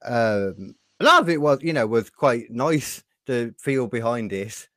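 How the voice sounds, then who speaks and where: A man's voice: medium pitch, big pitch swings, a little slow, a bit bright, no echo. A man, a stand-up comedian, rambling and joking in casual podcast banter. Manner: rambling, joking, laughs often.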